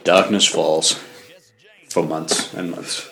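A man's voice: low voice, slow pace, gravelly. A young man co-hosting a podcast in casual chat, making dry, crude jokes. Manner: dry, crude joking, animated. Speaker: podcast co-host.

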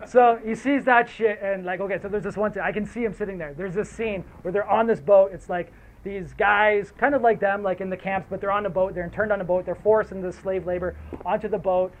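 Rambling high-voiced male storyteller. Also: fairly even intonation, brisk, slight background noise, poor audio. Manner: rambling, swearing, filler-heavy. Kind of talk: casual storytelling and reading aloud.

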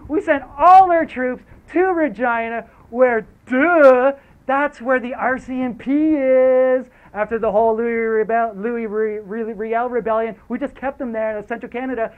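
A man's voice: extremely high pitch, flat delivery, brisk, few pauses. A man playing a gloating, scheming prime minister, with a mocking, taunting delivery. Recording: tinny phone-like audio.

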